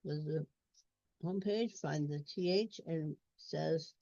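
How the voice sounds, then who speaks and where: A woman tutors reading in a step-by-step screen walkthrough, repeating sounds and words. Her low voice is warm and unhurried, with no echo, on a dull lo-fi recording.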